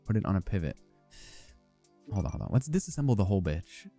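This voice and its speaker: A young man streams a game, chatting loosely with his viewers. His voice sits low and warm, and his talk is joking and profane. Faint music plays behind him. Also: animated, a little fast. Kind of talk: casual gameplay commentary.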